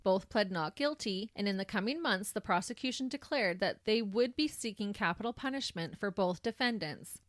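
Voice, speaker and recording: A woman co-hosting a true crime podcast, telling the details of a case in a casual conversational way that turns animated when she reacts. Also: mid-range voice, normal speed, hardly any pauses, dry recording, clean studio sound. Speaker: podcast co-host.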